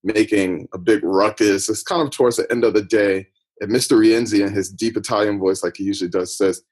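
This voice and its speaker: A man's voice: fairly low pitch, fairly even intonation, fairly quick, a little mellow, husky. A man from the United States, a podcast guest, recounting his life story in a reflective, personal way. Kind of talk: interview storytelling.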